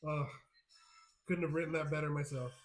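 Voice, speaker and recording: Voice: mid-range voice, fairly even intonation, brisk, low-quality recording. A game master narrating a tabletop game on a live stream, laughing often and telling the story with energy.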